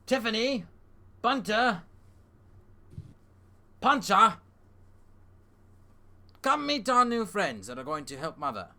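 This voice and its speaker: A man voicing a small white-furred male creature who greets guests warmly, in a raised, eager voice for a tabletop game. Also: high voice, sing-song, takes it slowly, pauses often, pitched above the performer's own voice, full character voice. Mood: welcoming.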